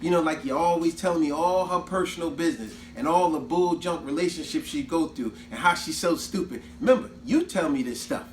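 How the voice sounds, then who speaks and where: A man's voice: fairly high pitch, a little fast, hardly any pauses, close to an everyday voice. A man doing a bossy, scornful older sister. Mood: cutting. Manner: cutting, scolding. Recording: roomy echo, faint background noise.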